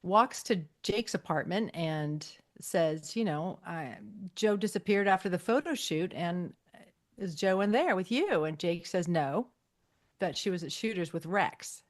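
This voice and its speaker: A woman co-host retells a TV episode in a relaxed, chatty way, slipping into the characters' lines as she goes. Her voice sits a little low. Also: measured pace. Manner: animated retelling, acting out dialogue. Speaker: podcast co-host. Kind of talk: casual episode recap chat.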